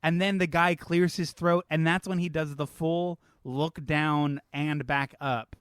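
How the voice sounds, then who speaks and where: A man's voice: a little high, fairly even intonation, a little slow, fairly bright tone, smooth, no room sound, studio quality. A man co-hosting a film podcast, joking casually and acting out scenes with mocking quoted voices. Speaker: podcast co-host.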